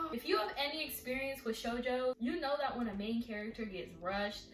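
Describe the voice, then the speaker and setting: A woman excitedly reviewing a manga volume in a casual vlog, retelling scenes with acted-out lines. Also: fairly high pitch, fairly quick. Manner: animated, dramatic retelling with acted-out quotes. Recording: echoey room, slightly distant mic, faint music.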